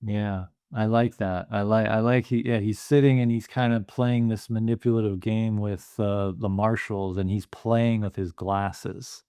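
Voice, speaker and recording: A man's voice: on the low side, fairly even intonation, unhurried, hardly any pauses, warm tone, clear, resonant tone, no echo, clean studio sound. Reflective man discussing a film. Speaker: podcast co-host. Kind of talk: casual movie discussion.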